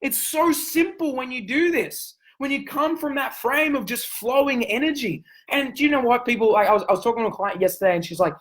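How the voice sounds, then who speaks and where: A man giving a motivational sales coaching talk, intense and emphatic, hammering points home with repeated phrases and sometimes pushing his voice near a yell. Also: very high-pitched, brisk, few pauses, poor audio. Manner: raises voice to near yelling at times.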